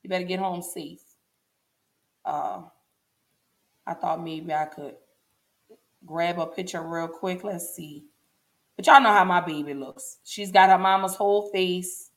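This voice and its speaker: A woman's voice: on the low side, steady tone, a little slow, pauses often. Chatty woman hosting a livestream. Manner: chatty and emotional, talking straight to viewers. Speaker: show host. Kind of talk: casual livestream talk.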